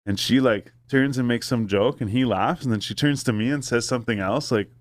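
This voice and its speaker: A man's voice: mid-range voice, fairly quick, dry recording. A man telling a long story in casual podcast chat, rambling and swearing, with many fillers.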